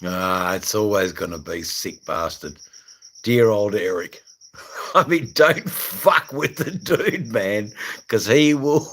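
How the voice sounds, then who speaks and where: Slow, rambling Australian man. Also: on the low side, a bit bright, low-quality recording. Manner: rambling, crude and jokey, many fillers. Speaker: livestream host. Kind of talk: casual livestream chat reading viewer comments.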